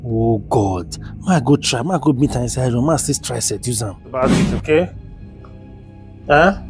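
A Nigerian man performing a comedy skit, his voice sitting at an ordinary middle pitch. He coaxes and pleads, slipping asides to the audience. Light music plays faintly behind him. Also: animated, normal speed. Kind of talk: comic skit narration and dialogue in Pidgin.

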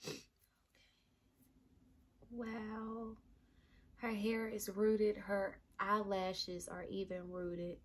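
A woman vlogging an unboxing, talking to her viewers in an emotional, breathy voice that often drops to a whisper, close to tears. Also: mid-range voice, level tone, slow pace, few pauses. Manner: addresses viewers as "y'all". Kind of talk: excited unboxing vlog.

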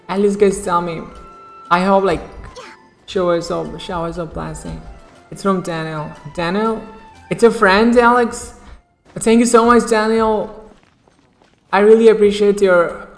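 A woman streaming a game, chatting casually and repeating filler words, often breaking into excited outbursts. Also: in a large hall. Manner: chatty, repeats "okay" and "bro", bursts into high excited shrieks. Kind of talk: casual live-stream chat while pulling in a gacha game.

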